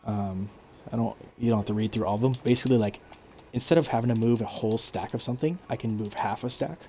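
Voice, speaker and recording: A man giving relaxed, explanatory commentary over his own gameplay stream, with frequent fillers. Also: fairly low pitch, quick pace, a little hiss or hum. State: hiccups. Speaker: gaming streamer.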